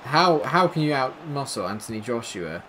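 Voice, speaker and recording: A man casually commentating his own football video game, muttering through menus and yelping high when chances come. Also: moderate pace, slight background noise. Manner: swings from quiet mumbling to excited high-pitched yelps at goals. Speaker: gaming commentator.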